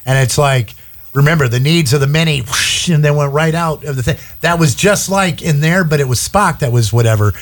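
A man's voice: on the high side, normal speed, hardly any pauses. A man hosting a small-town radio show, chatting in a rambling, casual way full of fillers.

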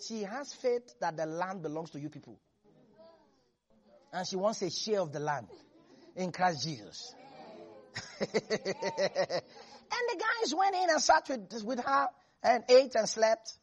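A preacher giving an animated sermon, swinging between hushed asides and loud emphasis. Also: mid-range voice, slow, pauses often, highs cut off.

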